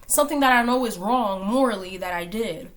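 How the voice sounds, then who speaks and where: Speaking briskly in a mid-range, fairly bright voice, a woman commentary vlogger delivers a heated, blunt take, hammering her points with swearing and rhetorical questions.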